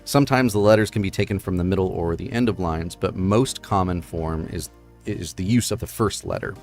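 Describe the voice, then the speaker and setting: A middle-aged man hosting a casual livestream, chatting through explanations with many fillers and quick checks with listeners. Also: low voice, a little mellow, soft background music. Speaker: host.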